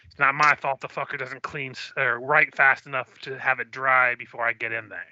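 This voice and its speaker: Gruff, crotchety aging goblin custodian, put on by a man; bright and tense, dry lo-fi sound. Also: medium pitch, flat delivery, normal speed, no echo. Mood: grumbling. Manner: gruff, grumbling, swears.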